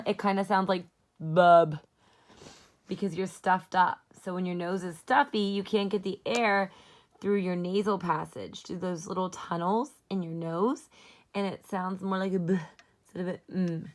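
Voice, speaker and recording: A woman teacher with a medium-pitched, steady voice leads a slow, clear phonics lesson for young children. She models each letter sound and invites the kids to try it with her.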